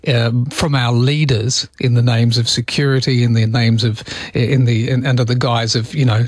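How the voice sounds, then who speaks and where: A man's voice: mid-range voice, no echo, studio quality. An Australian man hosting a talkback radio show, speaking in a conversational, wry and opinionated way. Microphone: studio microphone.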